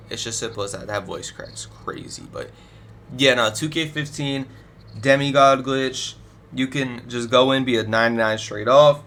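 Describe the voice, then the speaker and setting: A man's voice: mid-range voice, normal speed, fairly bright tone. Stuffy-nosed young man ranking games. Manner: rambling, blunt opinions, many fillers. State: stuffy from allergies. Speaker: gaming YouTuber. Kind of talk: casual commentary ranking video games. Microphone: desk microphone.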